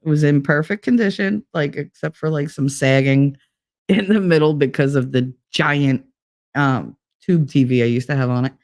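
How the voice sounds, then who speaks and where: A woman's voice: deep voice, moderate pace, darkish tone. A middle-aged woman chatting casually on a live stream, rambling with laughs and fillers from a room with bare walls. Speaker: live streamer reading chat. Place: sparsely furnished room with bare walls and no curtains.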